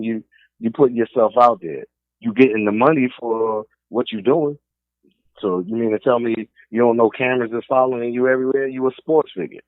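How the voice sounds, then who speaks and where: A man's voice: medium pitch, no echo. New York man ranting on a phone-like line. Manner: streetwise, opinionated, ranting. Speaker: sports radio host. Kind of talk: casual sports talk radio. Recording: dry, phone-like narrow band.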